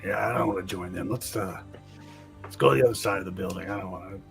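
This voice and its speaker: A man talking as a player in a quiet, offhand way. His low voice is gravelly. Music plays clearly behind him. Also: fairly even intonation, fast. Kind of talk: casual chat.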